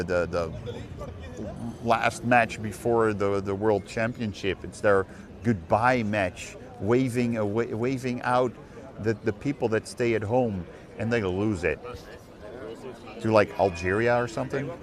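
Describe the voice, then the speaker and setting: A young native Dutch speaker from the Netherlands live streams from a city street, chatting casually with his chat and with passersby. His voice is fairly low and unhurried, his manner chatty and rambling, and a crowd can be heard in the background.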